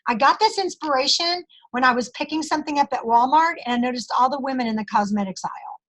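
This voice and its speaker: A woman's voice: high voice, fast talker, a bit bright. A middle-aged woman training her sales team over a video call, chatty and emphatic as she acts out conversations with customers.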